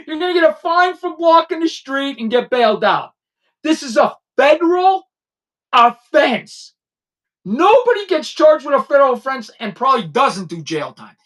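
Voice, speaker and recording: A middle-aged former detective with a very high, slightly bright voice hosts a podcast full of opinionated rants. He's emphatic and combative, constantly checking in with listeners by asking "okay?"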